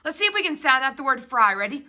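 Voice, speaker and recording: A woman teaching a children's phonics lesson in a sing-song way, spelling out letters and sounding out words slowly. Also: sits high, very animated, pushed and bright.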